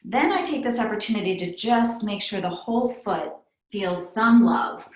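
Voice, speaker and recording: A woman with young kids teaching a pilates class. She gives calm counted breathing cues and adds chatty asides. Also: medium pitch, normal speed. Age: adult with young kids. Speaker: pilates instructor. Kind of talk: guided fitness class instruction. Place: fitness studio. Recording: echoey room.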